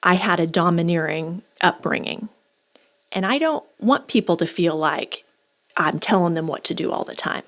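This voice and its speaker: A woman in her forties co-hosting a casual podcast conversation, an animated storyteller who acts out the people she quotes. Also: fairly low pitch, normal speed. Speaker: podcast co-host.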